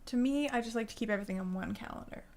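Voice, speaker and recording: Chatty woman with a gravelly fry. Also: a little high, racing, darkish tone. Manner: chatty, laughs often, tells stories. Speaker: podcast host, business coach. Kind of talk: casual podcast chat.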